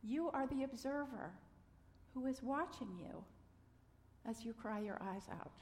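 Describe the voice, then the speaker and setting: A middle-aged woman giving a gentle, earnest sermon, sometimes dropping to a soft near-whisper. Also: sits high, measured pace. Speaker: minister. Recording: long hall reverb.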